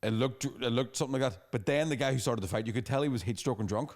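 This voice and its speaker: A young adult man, co-hosting a casual comedy podcast and telling animated stories. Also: medium pitch, quick pace. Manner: animated storyteller, mimics angry locals with shouted swearing. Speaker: podcast co-host.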